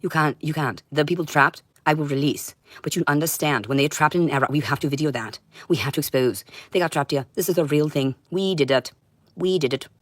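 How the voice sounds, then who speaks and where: A woman delivering a rambling livestream monologue in an intense, confrontational way, swinging between loud outbursts and low muttering. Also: fast talker, hardly any pauses, no room sound.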